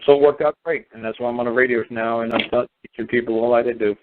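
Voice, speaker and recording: A man's voice: mid-range voice, fairly even intonation, fast talker, background noise. A man on a radio show telling his story in an emphatic, repetitive, defiant way. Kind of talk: impassioned radio talk. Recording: tinny phone-like line.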